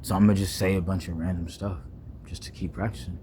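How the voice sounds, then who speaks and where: A young man, rambling playfully in a casual vlog monologue, full of slang, restarts and deliberately wordy phrasing. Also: sits low, level tone, dark tone, slight background noise. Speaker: vlogger.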